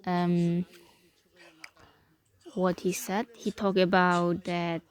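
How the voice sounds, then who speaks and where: A woman speaks in a low, flat voice. She hosts and reflects aloud, halting and thinking through her words in English. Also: clear, resonant tone. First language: Korean. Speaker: host. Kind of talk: reflective commentary.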